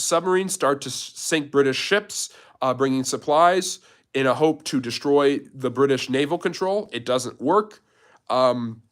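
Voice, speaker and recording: A man's voice: medium pitch, fairly bright tone. A man hosting a live history Q&A, explaining events step by step in a storytelling way. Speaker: history channel host.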